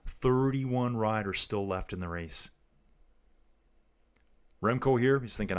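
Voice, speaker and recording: Man, lowish voice, livestream race commentator; loose, jokey, chats with viewers. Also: measured pace, long pauses, smooth. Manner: chatty, jokey, reads viewer comments aloud. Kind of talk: casual live commentary reading chat.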